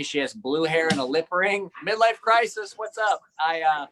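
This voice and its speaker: A man's voice: on the high side, expressive, normal speed, fairly bright tone. A man in his late thirties doing a rambling stand-up comedy set over a video call, telling self-deprecating stories and acting out quotes. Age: 30s.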